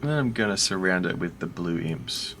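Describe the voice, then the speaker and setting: A man playing a tabletop game, describing his character's actions and sometimes bellowing loudly in character. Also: sits low, expressive, brisk. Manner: bursts into loud bellowing when in character. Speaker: player.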